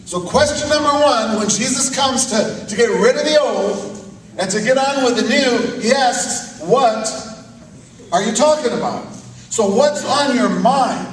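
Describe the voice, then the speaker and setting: A man, a pastor, preaching a sermon with call-and-response, swinging from loud outbursts to hushed questions. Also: very high-pitched, unhurried, a little hiss or hum. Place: church chapel. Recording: echoey room picked up from a distance.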